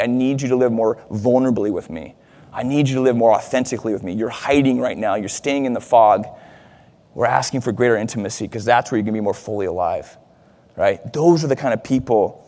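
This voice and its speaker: A man's voice: medium pitch, a little mellow. A man, a pastor, giving a casual, self-deprecating sermon in a church, with fillers and asides. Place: church sanctuary. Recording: long reverb of a church hall.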